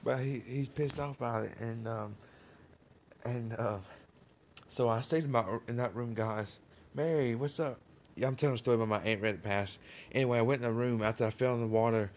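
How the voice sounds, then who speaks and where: A man's voice: medium pitch, steady tone, brisk, a little mellow. A man hosting a livestream, telling a long personal story in a loose, rambling way. He keeps calling his viewers "guys" and speaks with informal grammar and plenty of fillers. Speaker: livestream host.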